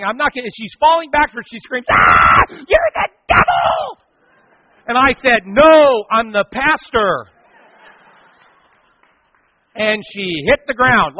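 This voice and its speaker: A man with a high-pitched voice preaches a sermon as pastor, acting out a story with animated delivery. The sound is somewhat dull and muffled, with a long reverb tail from a large hall, though the voice itself sits close and dry.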